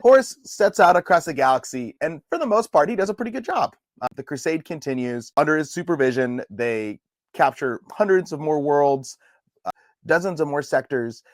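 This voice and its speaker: A man's voice: fairly high pitch, expressive, moderate pace, no room sound. A man co-hosting a casual podcast, explaining history with a dry, wry humor.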